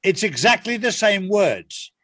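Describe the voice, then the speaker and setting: A man's voice: sits high, sing-song, measured pace, a bit bright, no echo, studio quality. An older retired Englishman giving an interview in a casual, earnest way, repeating his points for emphasis. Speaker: interview guest, author.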